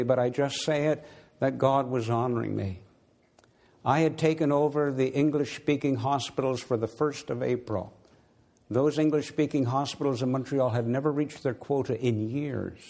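A man's voice: mid-range voice, dark tone. Earnest man preaching a sermon. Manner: earnest storytelling, voice rises when exhorting. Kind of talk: sermon with personal testimony.

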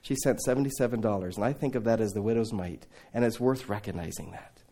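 A man preaching a sermon to a congregation, telling Bible stories in a lively way, acting out the dialogue and turning to his listeners with asides. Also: lowish voice, fast talker. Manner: animated storytelling, acting out biblical dialogue. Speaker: preacher raising funds for a mission training center.

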